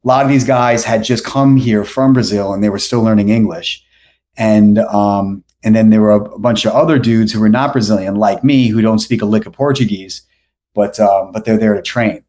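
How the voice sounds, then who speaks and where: A man's voice: on the low side, steady tone, moderate pace, a little mellow. A man, telling a story on a podcast as the guest, rambling with many restarts and fillers. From New York. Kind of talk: casual storytelling.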